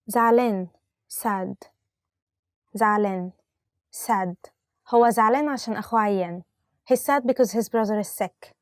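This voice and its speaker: A woman's voice: a little high, darkish tone, dry recording, clean studio sound. Cheerful Egyptian woman teaching vocabulary. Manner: cheerful, laughs often between examples. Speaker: language teacher.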